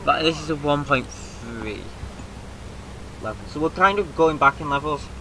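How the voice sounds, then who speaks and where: A British man giving casual, excitable let's-play commentary, swearing freely and shouting rallying cries, with a slightly mucousy throat. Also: fairly high pitch, normal speed, background noise. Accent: British English. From Britain. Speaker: gaming video host.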